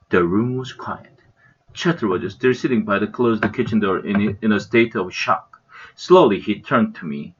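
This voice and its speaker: A man's voice: on the low side, moderate pace, slightly rough. A man with a Korean accent and Korean as his first language, reading a children's novel aloud earnestly, with small slips and restarts. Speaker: English reading channel host. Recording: slightly muffled lo-fi recording.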